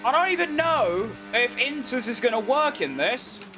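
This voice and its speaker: A man with a London accent streaming a racing game, chatting with viewers and yelling excitedly at the race. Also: very high voice, normal speed, over music. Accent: London English. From London, England. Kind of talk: live gameplay commentary and chat.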